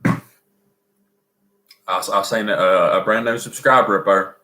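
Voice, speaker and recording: A man's voice: fairly low pitch, slow pace. A man with a Southern accent co-hosting a live stream, telling folksy stories and laughing a lot. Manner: animated, laughs often, folksy. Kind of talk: casual chat and storytelling. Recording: roomy echo.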